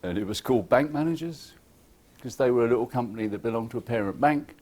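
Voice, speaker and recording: A man giving a lively, irreverent conference talk, joking with the audience and acting out what clients say. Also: mid-range voice, quick pace. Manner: acts out clients' lines in quoted voices. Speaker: conference speaker. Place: conference hall.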